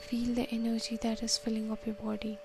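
Woman, meditation guide, slow soft counting, fairly high voice, even and flat delivery. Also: creaky, over music.

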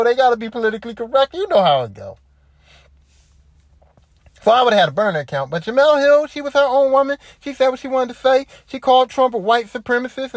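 A woman's voice: a little high, no echo. Lady podcaster going off, swearing a lot and repeating herself, dry close sound. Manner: profane, repetitive, worked-up commentary. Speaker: podcast host. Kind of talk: casual solo podcast rant.

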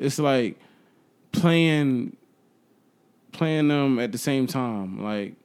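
A man's voice: medium pitch, a little mellow. A young man co-hosting a casual podcast, telling a story with frequent swearing and breaking into laughter. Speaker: podcast co-host. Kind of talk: casual chat.

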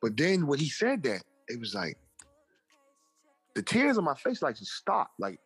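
A man's voice: fairly high pitch, wildly swooping pitch, unhurried, husky, soft background music. A young man, an interview guest and author, telling a personal testimony in casual slang and acting out the voices of people he quotes.

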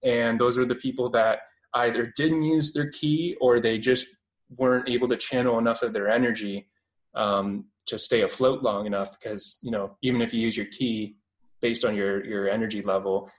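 A man's voice: medium pitch, fairly even intonation, moderate pace, low-quality recording. A young Canadian man speaks as a radio interview guest in an ordinary middle-range voice. He keeps reaching for words, full of fillers and false starts, and his delivery stays casual and conversational throughout. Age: 20s. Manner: hesitant, many fillers and restarts. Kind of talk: radio interview, recounting experiences.

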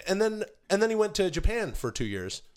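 A man's voice: sits high, sing-song, a little fast, clear, resonant tone. An American man on a crude comedy podcast, telling profane anecdotes. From United States. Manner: profane storyteller, spins anecdotes. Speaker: podcast co-host.

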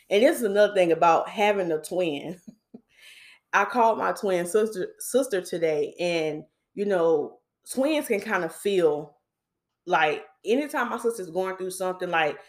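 A young woman hosting a podcast, talking casually and confidingly about her day and her faith, often repeating herself for emphasis. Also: fairly low pitch. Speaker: podcast host. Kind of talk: casual personal faith talk.

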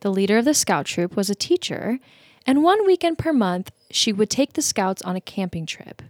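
A woman's voice: medium pitch, very animated, normal speed, a little mellow, dry recording, studio quality. An American woman co-hosting a podcast, chatting playfully and laughing easily between reading spooky stories aloud. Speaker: podcast co-host. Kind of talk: casual chat and story reading.

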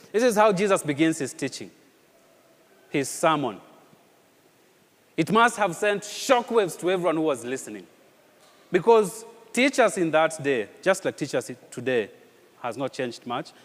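A man preaching a sermon in an animated way, with rhetorical questions and repeated phrases. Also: a little high, big-room sound. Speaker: pastor.

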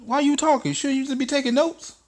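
A man's voice: very high-pitched, steady tone, fast talker, a little mellow, voice pushed up. A man voicing a brash, arrogant older president who is crude and barks profane orders. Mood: bossy, dismissive. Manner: bossy, profane, stammering demands.

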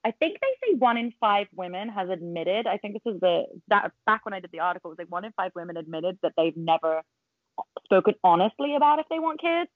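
Very animated and quick, a woman with a medium-pitched voice chats bluntly as a podcast guest, swearing freely in a casual interview over a remote call. There's no echo, but the call audio is tinny, like a phone.

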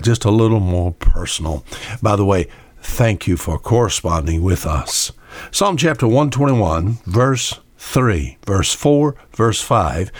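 A man's voice: on the low side, dry recording. Folksy older man preaching on radio. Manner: folksy, conversational, repeats key words for emphasis. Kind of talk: radio sermon.

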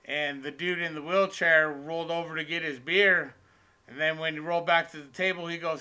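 A man's voice: a little high, steady tone, brisk, bright, forceful tone, smooth. A man chatting casually as a stand-up comedian, telling stories with lots of profanity. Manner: profane, storytelling. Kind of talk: casual chat.

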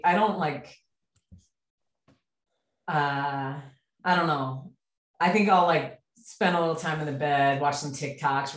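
A woman co-hosting a casual chat, talking freely and trailing off into quiet asides. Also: deep voice, distant mic. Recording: roomy echo.

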